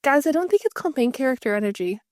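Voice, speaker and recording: A woman co-hosting a podcast in casual chat, talking quickly and laughing as she riffs in playful chains. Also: high voice, expressive, no echo, studio quality. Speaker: podcast co-host.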